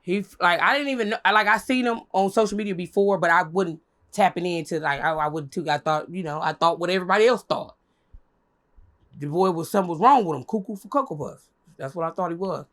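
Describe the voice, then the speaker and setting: A young woman telling a story as an interview guest, animated and profane, acting out what others said in a high voice. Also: quick pace. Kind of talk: casual storytelling.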